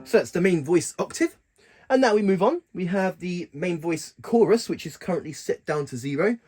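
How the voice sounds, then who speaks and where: A man giving a casual keyboard tutorial, talking haltingly and often stopping to correct himself. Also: high voice, animated, breathy edge. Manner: halting, stops to correct himself mid-sentence. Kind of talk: casual demonstration walkthrough. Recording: loud keyboard music over the voice. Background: keyboard sounds being demonstrated.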